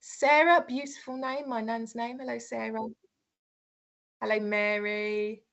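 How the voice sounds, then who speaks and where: A woman's voice: fairly high pitch, steady tone, measured pace, fairly bright tone. A woman co-hosting a casual online show, giggly and bubbly as she greets viewers by name. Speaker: co-host. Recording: lo-fi online stream audio.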